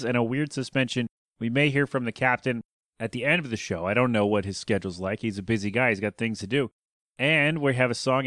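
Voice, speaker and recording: A man's voice: mid-range voice, a bit bright, clean tone, no room sound, studio quality. A man hosting his own podcast, talking casually in a rambling, self-deprecating way with lots of fillers and restarts. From United States. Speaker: podcast host. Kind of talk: casual solo podcast talk.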